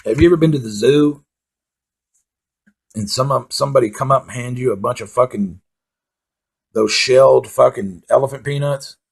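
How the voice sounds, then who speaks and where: A man's voice: mid-range voice, moderate pace, gravelly, pauses often, slightly rough. A man doing rambling, profane stand-up storytelling, full of fillers. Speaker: comedian. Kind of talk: stand-up monologue.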